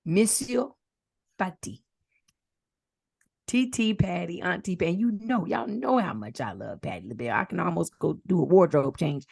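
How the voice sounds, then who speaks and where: A woman co-hosting a casual podcast, talking in an animated, profane way and slipping into mimicked voices. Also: lowish voice, moderate pace, gravelly, breathy edge, no room sound, studio quality. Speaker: podcast co-host. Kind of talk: casual chat.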